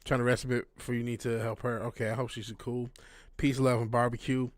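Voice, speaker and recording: A man's voice: mid-range voice, flat delivery, brisk, dry recording, studio quality. A man in his thirties talking casually to a livestream audience, rambling and frank, swearing often and restarting his sentences. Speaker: livestream host.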